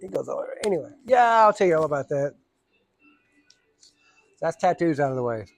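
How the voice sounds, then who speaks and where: A man's voice: fairly high pitch, very animated, fairly quick, background noise. A man, telling a rambling, casual story and acting out the voices of the people in it. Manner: rambling, drawling Southern storyteller, acts out voices. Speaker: storyteller vlogger.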